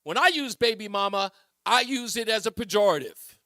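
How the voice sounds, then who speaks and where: Animated high-voiced male radio host. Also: brisk, no room sound, clean studio sound. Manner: animated, mocking, puts on voices for quotes. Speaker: radio talk show host. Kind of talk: talk radio monologue and calls.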